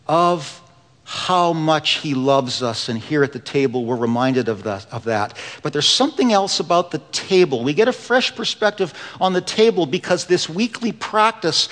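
A man preaching a sermon in a church, telling stories earnestly, dropping to a hush and then building with emphasis. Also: on the high side. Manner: earnest storytelling preacher, swings between hushed and rising emphasis. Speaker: pastor. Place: church sanctuary. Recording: long reverb of a large hall.

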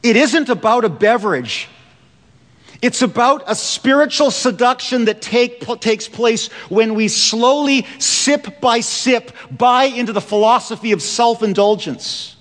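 Preaching man in a reverberant hall. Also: fairly bright tone. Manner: dramatic preaching, slows and drops low for emphasis. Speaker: pastor. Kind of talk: sermon.

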